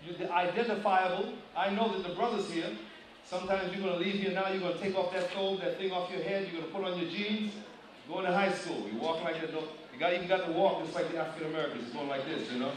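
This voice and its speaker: A man with a high voice delivers an animated sermon, often putting questions to his listeners. He sounds far from the mic in a very echoey hall, with clear room noise behind him. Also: fast. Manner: animated, addresses audience directly with questions. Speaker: preacher. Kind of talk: sermon to a congregation. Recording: distant mic, loud room ambience.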